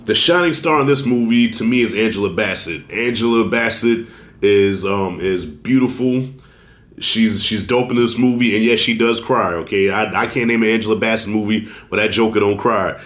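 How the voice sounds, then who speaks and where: A man's voice: fairly low pitch, normal speed, a bit bright. Casual man reviewing films, echoey room. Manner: loose and conversational, swears, addresses viewers as y'all. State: fighting a cold, clears throat. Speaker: movie reviewer. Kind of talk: casual spoken film review.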